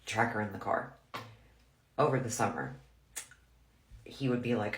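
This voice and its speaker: A woman's voice: a bass voice, sing-song, normal speed, gravelly, long pauses, slight background noise. A woman telling a personal story in a frank, blunt, casual way, full of "like". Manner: frank, blunt, heavy use of "like". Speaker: storyteller vlogger. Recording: roomy echo.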